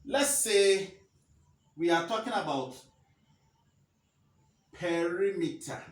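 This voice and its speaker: A man teaching a math lesson, slowly repeating key phrases for emphasis. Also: high-pitched, expressive, distant mic. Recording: roomy echo, faint ambience.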